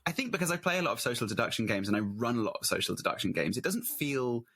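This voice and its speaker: A man's voice: mid-range voice, animated, fast, fairly bright tone, husky. A man co-hosting a podcast, chatting in a laid-back, playful way. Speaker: podcast co-host. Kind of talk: casual chat.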